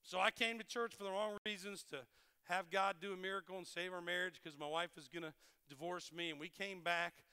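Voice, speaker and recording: A middle-aged man, a pastor, preaching a sermon with animated storytelling and playful self-deprecating humor. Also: sits high, brisk, clean tone, long reverb tail. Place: large church hall.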